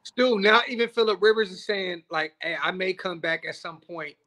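Podcast host, man, higher voice, relaxed slang-heavy talk. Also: normal speed. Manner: laid-back, frequent laughter and slang. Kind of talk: casual chat.

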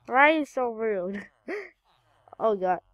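A woman's voice: fairly high pitch, lively intonation, takes it slowly, no room sound, lo-fi sound. A woman hosting a gaming channel, giving casual gameplay commentary and muttering to herself while she searches, with frequent exclamations.

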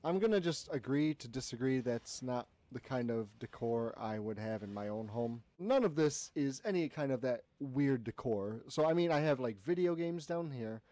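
Young man on a horror-game stream: jokey, yelping, lively pitch. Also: moderate pace, hardly any pauses. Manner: animated, jokey, frequent yelps and laughter. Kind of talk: live game commentary.

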